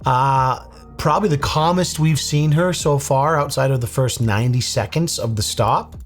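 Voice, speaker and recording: A man's voice: mid-range voice, moderate pace, soft background music. A man giving blunt, sarcastic reaction commentary over a video, swearing freely. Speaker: commentary YouTuber.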